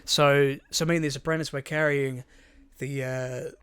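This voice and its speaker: A man's voice: mid-range voice, level tone, normal speed, a bit bright, clean tone, dry recording. A young Australian man, podcast co-host, telling a rambling casual story with lots of swearing. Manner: rambling, swears freely, acts out voices in quotes.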